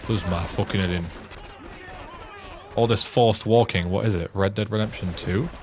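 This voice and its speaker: A man's voice: on the low side, steady tone, normal speed. A man with a Yorkshire accent giving casual streaming commentary while playing a game, with dry asides to himself.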